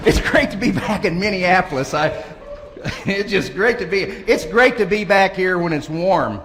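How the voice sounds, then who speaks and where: A man's voice: sits high, lively intonation, moderate pace, music in the background. A man giving a humorous banquet speech as a motivational speaker, telling folksy stories and chuckling often. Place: large banquet hall. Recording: echoey hall recording with faint ambience.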